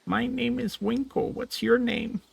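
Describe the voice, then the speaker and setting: A man voicing a shy, foot-tall male creature who stammers softly. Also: very high voice, steady tone, measured pace, gravelly, breathy edge, voice pushed up, heavily acted. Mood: timid, sweet. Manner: timid, stammering.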